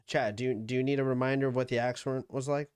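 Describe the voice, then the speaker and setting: A man's voice: mid-range voice, steady tone, fast, darkish tone, smooth, no room sound. A man streaming live, chatting casually and profanely with his viewers. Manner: joking, profane, addresses chat. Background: stream audio and music.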